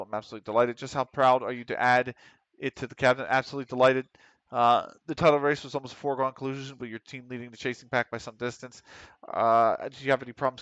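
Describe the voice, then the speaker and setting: A man giving casual commentary on a football management game, reading questions aloud quickly and answering offhand with casual swearing. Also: medium pitch, steady tone, a bit bright, no room sound. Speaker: gaming streamer. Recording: dry, slightly dull home mic.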